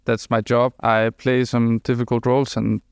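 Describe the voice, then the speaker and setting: Man, esports player guest, deadpan, very flat pitch, smooth clear voice, dry. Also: dry recording. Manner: calm, measured, deadpan.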